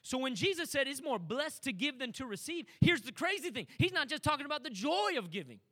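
A man preaching a sermon, swinging between quiet asides and loud, climbing shouts. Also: very high voice, sing-song, brisk. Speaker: pastor.

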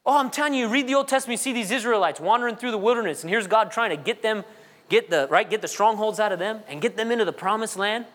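A man preaching a sermon as pastor, his voice swinging between loud high peaks and low quiet asides. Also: fast talker. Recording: long reverb of a large hall.

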